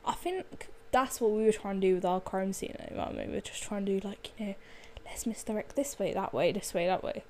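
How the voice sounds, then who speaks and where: A woman's voice: mid-range voice, fairly quick, mellow, slight background noise. A woman artist in casual chat, talking in loose sentences full of fillers that often trail off.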